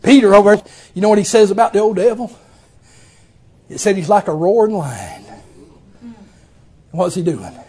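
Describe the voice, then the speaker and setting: High-voiced folksy preacher man. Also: animated, normal speed, pauses often, warm tone, breathy edge. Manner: folksy storytelling, exclamations and chuckles. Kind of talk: folksy sermon.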